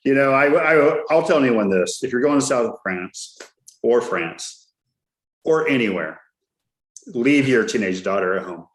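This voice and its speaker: Chatty middle-aged host in a roomy space. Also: male voice, mid-range voice, expressive, a little slow. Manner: chatty storyteller, jokey and loose. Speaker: podcast host. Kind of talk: casual chat. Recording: roomy echo.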